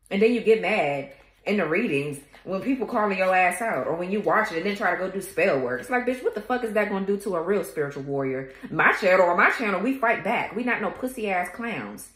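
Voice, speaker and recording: A woman's voice: mid-range voice, very animated, brisk. A woman tarot reader ranting at her haters in a profane, confrontational way. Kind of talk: tarot reading rant. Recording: echoey room.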